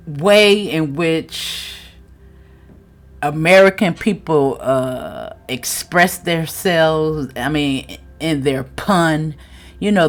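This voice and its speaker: A woman giving a casual, frank tarot reading commentary, chatting, swearing freely and laughing often. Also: sits low. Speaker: tarot reader.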